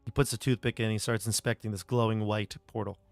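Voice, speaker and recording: A man's voice: fairly low pitch, flat delivery, fast, dry recording, faint music behind. A man running a tabletop game as game master, describing the scene in a casual way and voicing sound effects.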